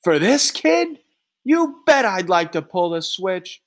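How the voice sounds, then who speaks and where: A man's voice: mid-range voice, big pitch swings, measured pace. A man playing a furious bullying juror. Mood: yelling. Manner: shouting, ranting. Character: furious bullying middle-aged male juror. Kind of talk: reading a play aloud.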